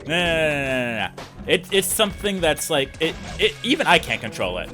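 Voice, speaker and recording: A young man playing a game and chatting in a rambling, animated way, full of fillers. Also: fairly high pitch, a little fast. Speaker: let's player. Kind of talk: casual chat over gameplay. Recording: voice over game music. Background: game music.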